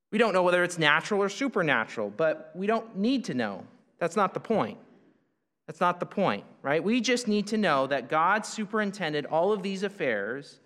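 A man's voice: high-pitched, sharp tone, big-room sound. A man preaching a sermon, explaining a passage in a conversational way and putting questions to his listeners. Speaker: pastor.

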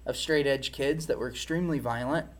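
A man's voice: mid-range voice, a little fast. A man speaking as an interview guest, giving a candid personal testimony in a reflective, frank way.

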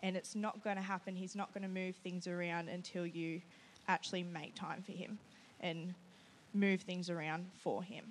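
A woman giving a personal testimony to a church group, telling her story in an animated way and often quoting herself. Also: lowish voice, moderate pace, a little hiss or hum. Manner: nervous and laughing at times. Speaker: testimony speaker at a church gathering.

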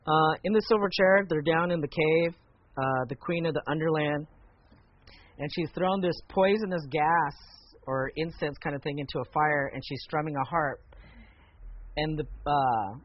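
Male teacher of a church class, fairly high voice, chatty and animated, lo-fi muffled audio. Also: normal speed. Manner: conversational, animated when retelling a story. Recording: muffled lo-fi recording.

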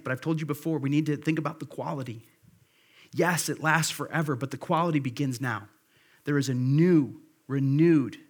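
A pastor preaches a sermon at a church service, earnest and conversational, repeating key phrases for emphasis. His voice is on the high side and slightly rough.

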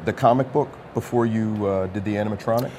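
A man's voice: on the low side, steady tone, fast talker, mellow, a little hiss or hum. A man hosting an interview, asking questions and agreeing along with the guest. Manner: engaged, lots of backchannel agreement. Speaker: interviewer host.

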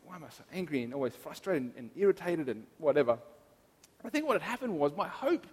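A man in his thirties, a pastor, giving a sermon in an earnest, personal, reflective way. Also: high voice. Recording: long reverb of a large hall.

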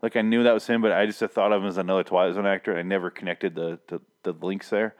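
Guy on a podcast, swearing and rambling, lowish voice. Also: fairly even intonation, quick pace. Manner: rambling, profane and jokey. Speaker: podcast host. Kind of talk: casual chat.

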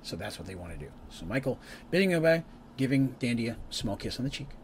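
A man's voice: mid-range voice, sing-song, quick pace, slight background noise. Chatty man recapping a tabletop campaign. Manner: rambling, chatty, with asides and restarts. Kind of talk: casual story recap.

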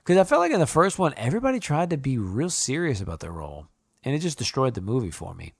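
A man's voice: medium pitch, big pitch swings, quick pace, vocal fry, husky, no room sound. A young man chatting casually as a podcast co-host, rambling, swearing, and laughing as he reviews a movie. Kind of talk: casual chat.

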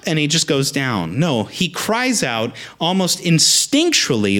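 A man preaching a conversational sermon, lively with frequent restarts. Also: a little high, a little slow, few pauses.

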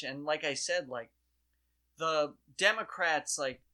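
A man co-hosting a casual political chat, talking in an animated, rambling, profane way. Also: on the high side, slow.

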